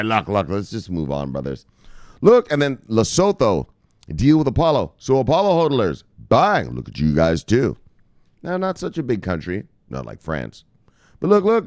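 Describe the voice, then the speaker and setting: A man hosting a crypto news show in a casual, profane, excitable live-stream style, repeating "look, look" and swearing freely. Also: low voice, no echo, clean studio sound.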